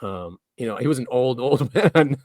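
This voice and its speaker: Man, podcast co-host, casual rambling chat, animated pitch, dry sound. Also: moderate pace, no echo. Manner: rambling, laughs often.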